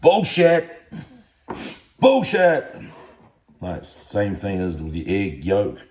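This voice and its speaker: Speaking in a warm, low voice with fairly even intonation and an unhurried pace, a bodybuilding vlogger rambles and jokes to his phone camera while cooking at home, now and then addressing his dog. The kitchen sounds echoey, with a noisy fan going.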